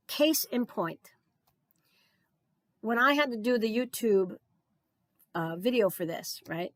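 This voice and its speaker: A woman's voice: a little high, lively intonation, slow, long pauses, no echo. Earnest older woman giving a keynote. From New Jersey. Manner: earnest, conversational, self-deprecating, repeats key phrases for emphasis. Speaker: keynote speaker, retired physical education supervisor. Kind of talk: recorded keynote talk.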